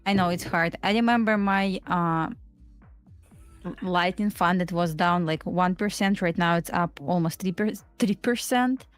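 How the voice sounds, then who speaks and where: A woman's voice: fairly low pitch, a little slow, clear, resonant tone, faint music behind. A woman trader on a live stream, explaining her setups steadily with frequent "uh" and "like". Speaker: trader on a live trading show. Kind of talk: casual live-stream chat.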